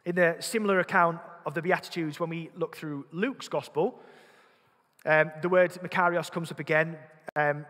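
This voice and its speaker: A Yorkshire-accented man gives an earnest sermon in church, echoing in long hall reverb, where he repeats words as he thinks and puts questions to his listeners. He speaks at normal speed with a fairly high pitch, fairly even intonation, and a fairly bright tone.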